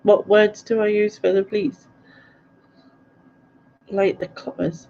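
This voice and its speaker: Gravelly, giggly woman. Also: mid-range voice, steady tone, slow pace, long pauses, mellow, slight background noise. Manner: chatty and giggly, stumbles over place names. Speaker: live-stream host. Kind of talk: casual live-stream chat reading viewer comments. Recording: dull lo-fi audio.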